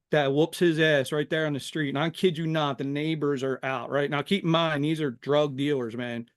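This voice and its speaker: Animated storytelling man, "man" every line. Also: a little high, normal speed, clear, resonant tone. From Philadelphia, USA. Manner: animated, says "man" constantly. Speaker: podcast guest. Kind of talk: casual storytelling interview.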